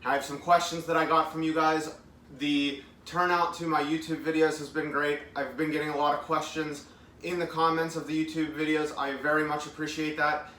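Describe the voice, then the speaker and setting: A man's voice: a little high, flat delivery, brisk, bright, forceful tone, a little hiss or hum. Chatty man on an echoey stream. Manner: chatty, upbeat, talks with mouth full, reads comments aloud. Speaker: vlogger hosting a live eating show. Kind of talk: casual live-stream chat. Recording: echoey room, mic at a distance.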